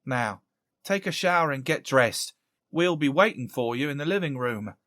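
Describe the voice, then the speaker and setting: A man's voice: mid-range voice, lively intonation, moderate pace, fairly bright tone, no echo, studio quality, natural voice. A man voicing a scheming young woman who speaks in a sly, threatening way. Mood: menacing.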